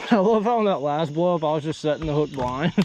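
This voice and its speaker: A young man vlogging from a boat on a night fishing trip, excitedly exclaiming as he talks, with crickets behind him outdoors. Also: a little high, moderate pace, slight background noise. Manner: excitable, exclaiming, breaks into whoops. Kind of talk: excited outdoor vlog commentary. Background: crickets and insects at night.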